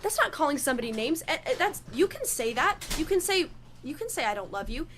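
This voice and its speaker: High-voiced woman arguing insistently. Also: sing-song, fairly bright tone, a little hiss or hum. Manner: insistent, argumentative, halting restarts. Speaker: debate guest. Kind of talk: heated debate.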